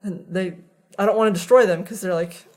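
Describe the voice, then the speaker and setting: Young woman co-host, mid pitch, laid-back and plain-spoken. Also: fairly even intonation, brisk, a little mellow. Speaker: news show co-host. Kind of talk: casual news chat.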